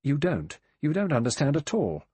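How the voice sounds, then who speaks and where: Storybook voice: man playing a clipped, sharp young woman, lifted pitch. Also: huge pitch swings, moderate pace, husky, no room sound, heavily acted.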